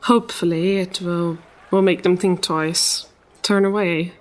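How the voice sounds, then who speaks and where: Slow-talking woman player. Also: lowish voice, steady tone. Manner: tentative, with fillers. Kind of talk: describing character actions.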